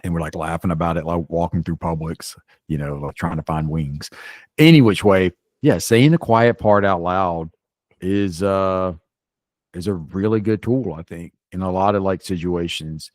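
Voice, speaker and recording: A low-voiced man co-hosting a podcast tells a story animatedly at a moderate pace, frequently restarting sentences and rising sharply when quoting. It's a casual storytelling chat, recorded dry with studio quality.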